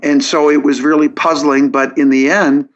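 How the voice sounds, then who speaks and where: A man's voice: a little high, flat delivery, moderate pace. A man, a guest on a podcast interview, earnestly walking through his reasoning step by step, often restarting his sentences. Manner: logical, earnest storytelling with frequent restarts. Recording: dull lo-fi audio.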